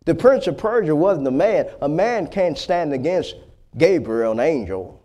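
A male preacher with a high-pitched voice delivers a sermon. He tells the story vividly and keeps turning to speak straight to his listeners. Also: a little slow. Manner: lively storytelling, dramatic, speaks straight to the congregation. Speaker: pastor.

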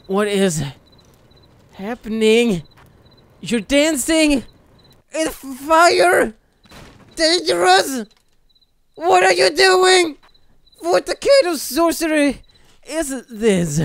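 A young adult gamer giving loud, excitable let's play commentary, swearing and yelling at the game. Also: high voice, slow, creaky.

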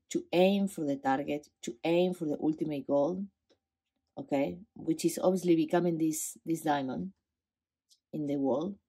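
Low husky woman doing a tarot reading. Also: warm tone. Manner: effusive and emotional, non-native phrasing. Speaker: tarot card reader. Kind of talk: pick-a-card tarot reading.

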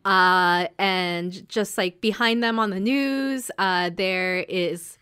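A woman's voice: medium pitch, bright, forceful tone, smooth. Chatty woman podcast host recapping anime. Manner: chatty, acts out characters' lines in quick asides. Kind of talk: casual chat recapping an anime.

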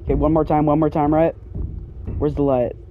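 A young man commentating his horror game play, swinging from low mutters to excited yelling, sometimes out of breath. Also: fairly quick, phone-quality sound, a little hiss or hum. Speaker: gameplay streamer.

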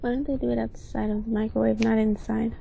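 A woman's voice: on the high side, level tone, quick pace, creaky, warm tone, a little hiss or hum. A woman chatting with a friend who is playing a game, teasing and exasperated. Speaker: friend watching the gamer. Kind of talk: casual chat.

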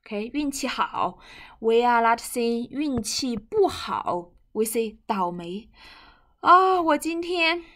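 A woman's voice: a little high, slow pace. A woman whose first language is Mandarin Chinese, teaching a bilingual language lesson and patiently repeating and glossing each word.

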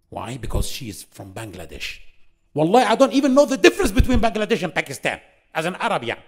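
Animated male lecturer firing rhetorical questions. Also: fairly high pitch, a little fast, husky. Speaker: Islamic lecturer. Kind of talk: religious lesson to an audience.

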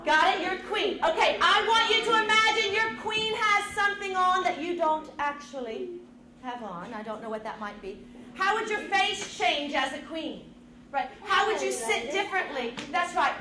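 A woman leading a middle-school drama lesson, coaching students with energetic, encouraging instructions. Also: extremely high pitch, normal speed, a crowd in the background. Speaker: drama teacher. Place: school classroom. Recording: echoey classroom with students around.

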